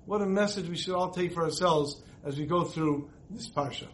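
A high-voiced man teaches a recorded religious class, moving through stories and taking on each character's lines. A faint hiss sits behind his voice. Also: moderate pace, fairly bright tone. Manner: storytelling, acts out dialogue. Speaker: Torah teacher.

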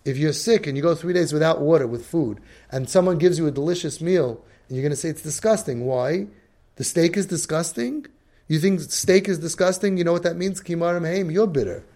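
A man with a slightly high voice giving an emphatic religious lecture. He coaches parents and slips into the voices of the people he quotes. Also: a little fast, warm tone.

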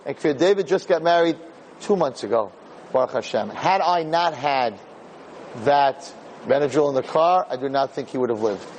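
A man's voice: mid-range voice, lively intonation, normal speed, darkish tone, a little hiss or hum, low-quality recording. A middle-aged man, a rabbi and teacher, telling a story in a Torah talk, acting out the dialogue and repeating phrases.

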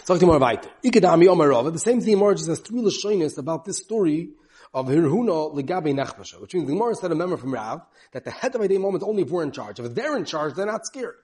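Rapid-fire teacher, man. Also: on the high side, very animated, mellow. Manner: rapid, mixing English with Hebrew and Yiddish terms. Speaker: Talmud teacher. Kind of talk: yeshiva-style Talmud class.

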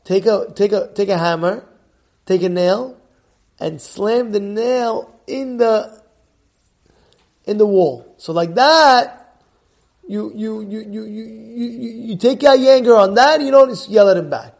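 A man acting out a calm rabbi giving simple, practical advice in a story. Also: sits high, slow, creaky, heavily acted.

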